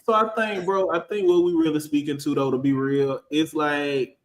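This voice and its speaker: A man in his thirties, a finance professional on a casual panel, talking in an animated, storytelling way. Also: fairly high pitch, normal speed, reverberant. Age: 30s. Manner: animated, storytelling, acts out quotes.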